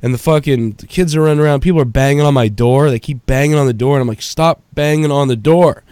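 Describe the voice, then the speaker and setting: A man's voice: medium pitch, racing, warm tone, clean tone, dry recording, clean studio sound. A man hosting a podcast from his home basement, telling long rambling stories full of swearing and laughter. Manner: rambling, profane, laughs a lot. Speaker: podcast host. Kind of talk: casual chat.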